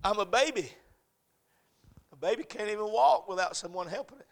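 High-voiced impassioned man preaching. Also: animated, moderate pace, gravelly. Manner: impassioned preaching, swinging from hushed to shouting; repetitive, rhythmic phrasing. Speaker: pastor. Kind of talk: sermon.

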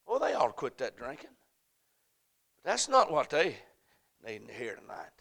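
A pastor preaching an evening sermon, rising to impassioned shouting and falling to a hushed prayer. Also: male voice, fairly high pitch, huge pitch swings, moderate pace, creaky, pauses often. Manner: fervent preaching that swells to shouting, then drops to a hushed prayer.

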